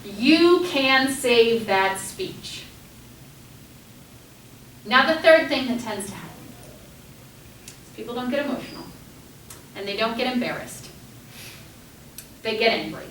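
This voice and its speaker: Animated high-voiced teacher lecturing class. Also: female voice, slow pace, long pauses, a little hiss or hum. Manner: lively, animated, acts out students' panicked voices. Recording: echoey classroom, mic at a distance.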